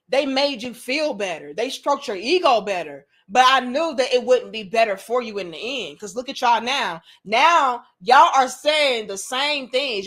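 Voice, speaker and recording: Woman host, high voice, outspoken and profane, monologue style. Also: fairly bright tone. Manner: blunt and profane, slips into mocking quoted voices. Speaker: commentary channel host. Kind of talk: opinionated monologue to camera.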